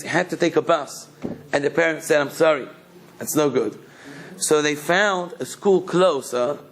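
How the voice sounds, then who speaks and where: Male rabbi, sermon storyteller, slightly high pitch. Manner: telling a story, then exhorting the listeners.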